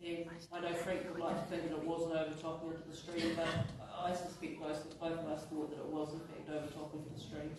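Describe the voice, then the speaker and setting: A man giving closing remarks as a hearing commissioner, halting, with many fillers. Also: fairly high pitch, completely flat delivery. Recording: echoey hall from far off with noise.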